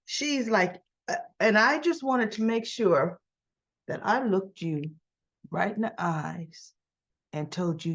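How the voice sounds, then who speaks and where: A woman casually recapping a soap opera episode for her vlog, excitable and gushing, and she acts out the characters' lines. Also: medium pitch, slow, long pauses, lo-fi sound.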